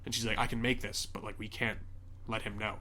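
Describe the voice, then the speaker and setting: A young man hosts a podcast, casually retelling a film scene by scene, acting out the characters and swearing often as an animated storyteller. His pitch is fairly low, he talks a little fast, and there's a slight hiss or hum.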